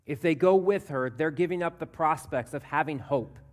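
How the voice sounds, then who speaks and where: A man pastor preaching a sermon, earnest, dropping to a hush and then rising as he voices scripture. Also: a little high, moderate pace. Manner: earnest preaching that drops to a hush and swells when voicing scripture. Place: church sanctuary.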